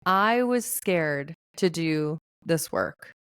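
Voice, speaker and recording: A woman's voice: deep voice, animated, drawn-out words, a bit bright, smooth, no room sound, studio quality. A woman in her thirties hosting a podcast, talking earnestly about relationships and getting emotional at times. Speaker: podcast host and relationship coach. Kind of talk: heartfelt solo podcast talk.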